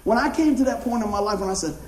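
A male pastor, telling a story in a sermon in an animated, conversational way. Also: high voice, very fast. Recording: roomy hall echo.

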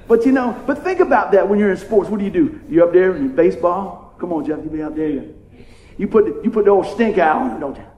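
A high-pitched man delivers a playful, conversational sermon. He keeps checking in with the congregation as he preaches. The room rings with echo around his voice. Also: animated, quick pace, warm tone, dull audio. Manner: playful, call-and-response preaching with frequent "amen?". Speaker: pastor.

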